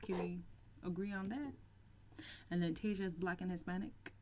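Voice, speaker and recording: A young woman hosting a casual livestream, chatting and reading out viewer comments, laughing often and stretching out some phrases slowly. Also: lowish voice, fairly even intonation, noisy background. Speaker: livestream host reacting to reality TV.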